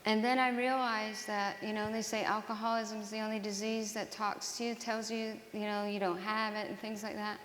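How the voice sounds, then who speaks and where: A woman's voice: medium pitch, little pitch movement, a bit bright, a little hiss or hum. Earnest woman speaking in a reverberant hall. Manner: earnest, halting, with repeated restarts. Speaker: speaker sharing her own story. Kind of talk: personal testimony talk to an audience. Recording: roomy hall with long reverb.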